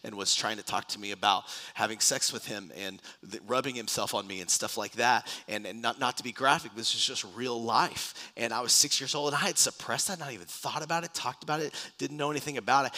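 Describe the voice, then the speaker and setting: Bright-voiced preacher telling stories. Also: male voice, medium pitch. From Texas. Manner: animated storytelling with dramatic re-enactments and restarts. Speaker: pastor. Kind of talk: sermon storytelling. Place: church in front of a congregation.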